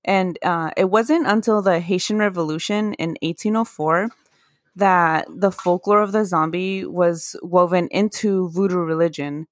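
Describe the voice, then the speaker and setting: A woman's voice: on the low side, unhurried, dry recording. A woman casually telling folklore history in a podcast chat, earnest and laughing at her own mispronunciations. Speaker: podcast co-host.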